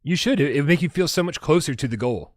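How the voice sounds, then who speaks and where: A man's voice: a little high, expressive, fast, no echo, clean studio sound. A man hosting a casual gaming livestream, reading viewer comments, laughing and swearing freely and often stumbling over his words. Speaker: podcast host.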